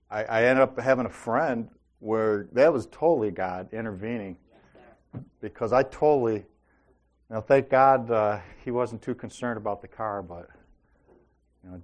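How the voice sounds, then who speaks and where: A man's voice: fairly low pitch, a little mellow. A man hosting a faith talk show, telling personal stories and often checking in with "right?" and "Amen?". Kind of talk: faith-based casual talk.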